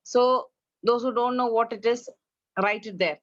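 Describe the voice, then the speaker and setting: A woman's voice: a little high, steady tone, measured pace, dry recording, highs cut off. A woman with an Indian English accent teaching English online, correcting her students' pronunciation and drilling them. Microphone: online class, video call.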